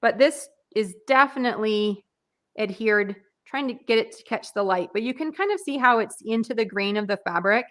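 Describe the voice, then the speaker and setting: Chatty higher-voiced woman teaching sewing. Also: normal speed, fairly bright tone. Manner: chatty, explains step by step with many fillers. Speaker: sewing and craft demonstrator. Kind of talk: live how-to demonstration.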